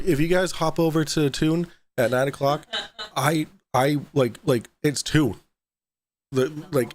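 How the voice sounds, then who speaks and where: A young adult man hosts a casual livestream, chatting loosely, reading out viewer donations and swearing now and then. His voice is mid-range and a little mellow.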